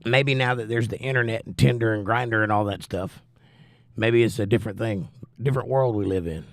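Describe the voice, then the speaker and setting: Recovering from the flu, a livestream host with a lowish voice talks a little fast, out of breath and coughing. He reads out chat messages from viewers and responds with dry, teasing jokes in a casual chat. The recording has no echo.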